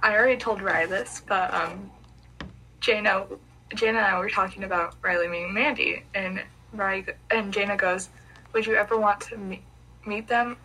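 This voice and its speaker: A woman's voice: mid-range voice, steady tone, moderate pace, pushed and bright, slight background noise, poor audio. A young woman in casual chat, teasing her friend and recounting a conversation.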